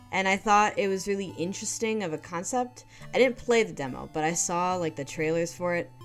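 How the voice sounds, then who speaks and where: A woman casually commentating her first playthrough of a game, chatty and easily delighted. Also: medium pitch. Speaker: gamer reading a game aloud. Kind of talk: casual let's-play commentary.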